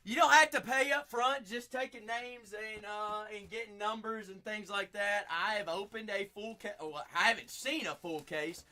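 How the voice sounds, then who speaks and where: A man's voice: high-pitched, normal speed, hardly any pauses, sharp tone. A chatty man with a Southern accent hosting a live card-break stream, talking to viewers by name.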